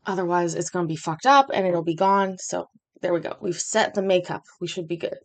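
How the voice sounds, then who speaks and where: A woman's voice: fairly low pitch, fairly quick. A woman hosting a casual livestream from home, chatty and rambling, with self-deprecating asides. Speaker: host.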